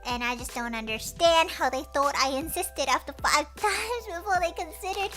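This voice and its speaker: A woman streamer telling a story in casual chat, animated and acting out what people said, often breaking into laughter. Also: sits high, moderate pace, few pauses, music in the background.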